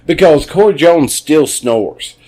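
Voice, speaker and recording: A man's voice: on the high side, takes it slowly. A man telling rambling, profane stories in a casual podcast chat. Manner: rambling, profane, animated storyteller.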